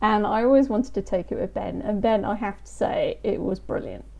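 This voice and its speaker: A woman's voice: mid-range voice, moderate pace, creaky, warm tone. A woman instructor hosting a casual video call interview, bubbly and laughing often.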